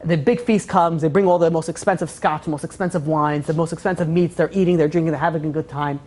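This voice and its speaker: A rabbi telling a parable in a casual lecture, with lots of "you know" as he goes. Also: fairly high pitch. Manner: casual, animated retelling full of "you know". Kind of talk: storytelling lecture.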